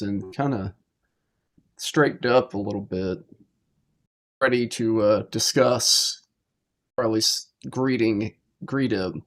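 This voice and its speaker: Slow, measured man narrating his character. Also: on the low side. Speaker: player.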